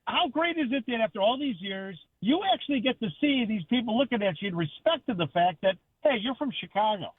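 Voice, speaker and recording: A man's voice: high-pitched, animated, a little fast, few pauses, no echo. A man calling in to a sports radio show, animatedly telling a tailgate story. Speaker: caller. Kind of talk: phoning in to talk radio. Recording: phone line.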